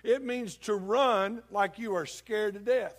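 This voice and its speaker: A male preacher giving a folksy, animated sermon full of homely comparisons. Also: high-pitched, a little slow.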